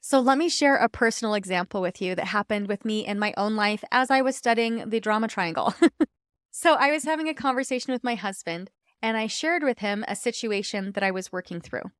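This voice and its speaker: A woman's voice: medium pitch, a little fast, fairly bright tone, clear, resonant tone, no echo, studio quality. A woman hosting a personal-growth podcast, telling a personal story in an earnest, reflective way with light laughs. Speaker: podcast host.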